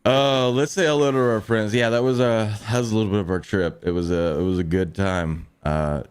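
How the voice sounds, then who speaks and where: A man with a low voice hosts a live sports talk show. He tells loose road-trip stories, laughing as he goes, and greets the chat. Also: steady tone, clear, resonant tone. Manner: laughing, storytelling, quick asides.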